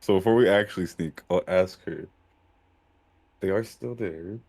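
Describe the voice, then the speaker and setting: A man's voice: low voice, normal speed, a little mellow. A man playing a tabletop game on a stream, rambling and giggling as he talks. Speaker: player.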